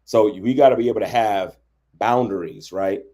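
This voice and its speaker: A man's voice: on the low side, moderate pace, warm tone. A man teaching relationship boundaries on a livestream, talking conversationally and often checking in with "right?". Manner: conversational, keeps asking "right?". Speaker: relationship coach.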